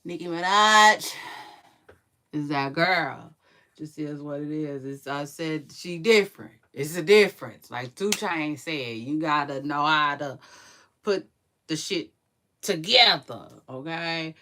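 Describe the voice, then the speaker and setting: A woman giving a casual, slangy reaction commentary, swinging from low mumbles to loud hype. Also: animated, takes it slowly.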